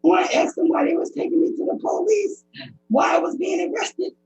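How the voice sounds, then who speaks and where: Emotional woman with a gravelly high voice. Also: darkish tone. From United States. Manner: emotional, pleading, halting speech. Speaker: public commenter at a hearing. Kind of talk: personal testimony. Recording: dull lo-fi recording.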